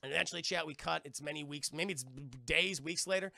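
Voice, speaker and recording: A young man casually retelling a movie to his stream chat, animated and profane, acting out the characters' lines. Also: fairly high pitch, fast, vocal fry. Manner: animated, profane, acts out lines in put-on voices.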